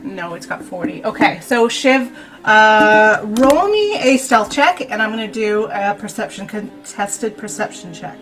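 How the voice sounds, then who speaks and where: A woman running a streamed tabletop game as game master, chatty, jokey and quick to poke fun at herself. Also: mid-range voice, expressive, a bit bright. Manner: chatty, jokey and self-mocking. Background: faint dramatic music.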